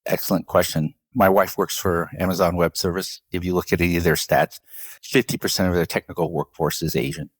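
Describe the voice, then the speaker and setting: Deep husky man telling stories. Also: brisk, no echo. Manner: storytelling, animated when quoting others, laughs often. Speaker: CEO of a professional association, guest. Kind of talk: conversational interview answers.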